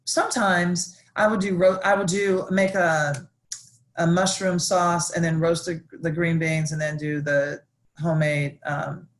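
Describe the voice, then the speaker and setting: A woman chef, chatting casually and enthusiastically on a live stream, with lots of restarts and excited asides. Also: fairly low pitch, unhurried. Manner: animated, gushing, chatty with many restarts. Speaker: celebrity chef guest.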